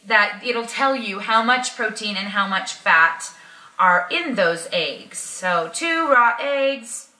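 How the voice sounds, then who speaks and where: A woman's voice: mid-range voice, lively intonation, takes it slowly, sharp tone, recorded from a distance. A woman vlogger giving casual, chatty instructions with frequent ums, talking about meal planning. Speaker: keto vlogger. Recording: echoey room, a little off-mic.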